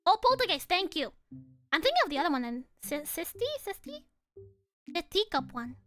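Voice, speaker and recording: Young woman VTuber, high and bright, lively swoops, giggly and casual with a few swears. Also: fast talker, faint music behind. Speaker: VTuber streamer. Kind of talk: casual livestream chat over travel photos.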